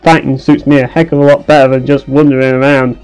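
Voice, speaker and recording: A man's voice: mid-range voice, level tone, fast talker, a little mellow, smooth, faint music behind, low-quality recording. A young man giving sarcastic, sweary commentary while playing a game. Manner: ranting, swears a lot, sarcastic. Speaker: let's play commentator. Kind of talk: casual gameplay commentary.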